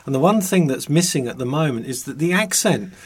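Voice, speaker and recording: A man co-hosting a relaxed radio chat, his voice a little higher than most men's. He teases the guest with curious questions. His tone stays friendly and conversational. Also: fairly quick, breathy edge. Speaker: radio co-host.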